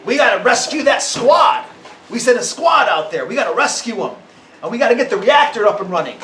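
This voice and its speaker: Man playing a gruff hard woman soldier, loud and high, echoey room. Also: very animated, a little fast, distant mic, a little hiss or hum, heavily acted. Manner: gruff, forceful. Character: tough shaved-head woman soldier.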